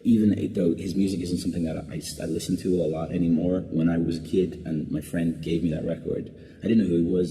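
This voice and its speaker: A low-pitched, warm-toned man, a singer in an interview, answers casually and rambles, restarting often and filling with "like." The recording carries a long reverb.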